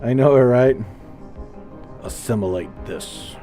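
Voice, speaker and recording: A man chatting casually while streaming a space game, rambling and animated as he tells stories. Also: mid-range voice, slow pace, soft background music. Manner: rambling, animated storytelling with playful put-on voices. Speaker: gaming streamer. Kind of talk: casual gameplay chat.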